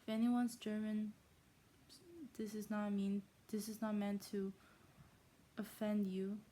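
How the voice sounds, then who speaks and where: Woman vlogger, casual and rambling, apologetic, mellow low-bright tone. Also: little pitch movement, takes it slowly, a little hiss or hum, low-quality recording. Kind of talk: casual chat to camera.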